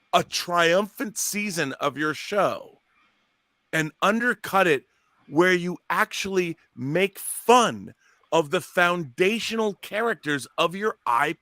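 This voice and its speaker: A man's voice: sits high, lively intonation, slow pace, pushed and bright, no room sound. Ranting, indignant man, dry close sound. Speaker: co-host. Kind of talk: live watch party chat.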